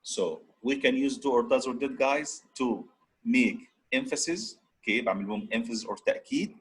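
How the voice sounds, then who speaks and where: Husky teacher coaxing his class. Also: medium pitch, brisk, poor audio. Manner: mixes Arabic and English, repeatedly prodding students to answer. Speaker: English teacher. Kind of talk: classroom grammar lesson.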